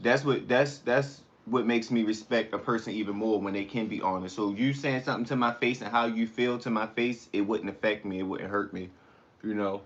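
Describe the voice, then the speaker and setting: A man's voice: fairly low pitch, brisk, dull audio. A man hosting a casual live stream, eating while he talks back to comments in a rambling, blunt way. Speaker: livestream host.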